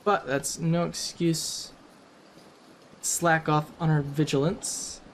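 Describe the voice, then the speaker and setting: A man talks through a survival game in a relaxed, rambling way, joking at his own expense. His voice sits a bit high for a man, with a faint hiss of noise behind it. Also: slow pace. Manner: chatty, self-deprecating, rambling. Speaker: game commentator. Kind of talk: casual gameplay commentary.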